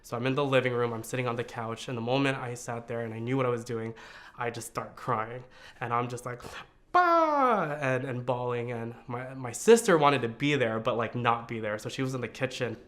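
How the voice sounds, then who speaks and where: A man from the United States telling his own coming-out story in a reflective, earnest way, pausing on fillers and restarts. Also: medium pitch, little pitch movement, fairly bright tone. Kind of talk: personal storytelling.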